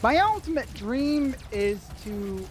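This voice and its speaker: A man chatting while playing a game, halting and trailing off as he talks. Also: very high-pitched, very animated, crowd noise. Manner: halting, many fillers and restarts. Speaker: gamer. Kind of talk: casual chat while gaming.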